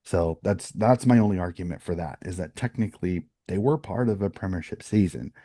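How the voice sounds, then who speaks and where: A man's voice: deep voice, a little fast, dark tone, dry recording. A man co-hosting a sports podcast, chatting casually and rambling through opinionated points with frequent restarts. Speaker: podcast co-host.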